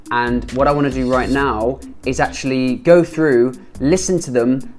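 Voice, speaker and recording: A man's voice: mid-range voice, darkish tone. A British man talking casually on his video channel, coaching viewers' accents and repeating sounds to demonstrate them.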